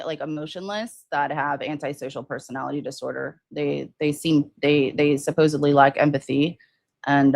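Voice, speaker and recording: A woman's voice: deep voice, vocal fry, no echo. A woman hosting a casual true-crime livestream, rambling with many fillers and restarts while answering viewers' comments. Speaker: livestream host.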